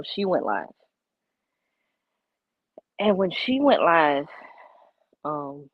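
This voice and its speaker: Brief: lower-pitched woman, animated storyteller, heard over a thin phone-like call line, very dry. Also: dry recording. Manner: expressive, acts out quotes, emphatic repeated denials. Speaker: guest on a drama commentary stream. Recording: tinny phone-like call audio.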